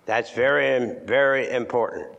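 An older man preaching in a church, moving between loud emphatic lines and hushed near-whispers. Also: medium pitch, a little slow, gravelly, muffled recording. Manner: old-fashioned scripture reading, repeats words for stress. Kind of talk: sermon.

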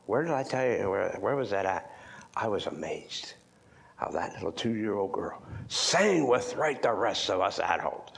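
An older man preaching in a church, moving between loud emphatic lines and hushed near-whispers. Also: lowish voice, lively intonation, measured pace, vocal fry, slight background noise. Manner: old-fashioned scripture reading, repeats words for stress. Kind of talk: sermon.

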